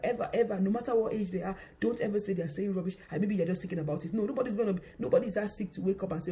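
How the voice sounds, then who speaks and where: A man's voice: sits high, mellow. A man, a parent, making an impassioned spoken appeal, urgent and pleading, repeating phrases over and over for emphasis.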